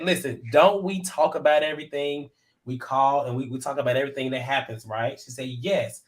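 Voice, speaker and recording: A man hosting a live panel, casually recapping a reality episode, animated and often laughing as he acts out what people said. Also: mid-range voice, brisk. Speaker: show host recapping episode.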